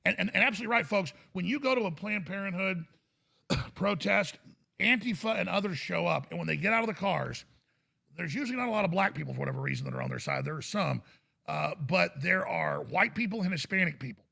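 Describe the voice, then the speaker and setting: A fervent male talk show host in full rant, his voice high and heavily gravelly. The tone is bright and forceful, and his delivery is urgent and impassioned. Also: big pitch swings, fast talker. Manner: ranting, fervent, bursts into shouted impressions.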